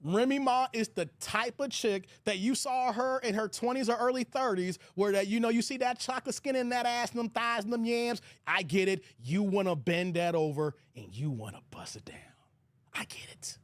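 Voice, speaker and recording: A man hosting a livestream, giving loud, crude commentary and reading out his chat. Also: extremely high pitch, moderate pace, hardly any pauses, dry recording. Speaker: host of a livestream commentary show.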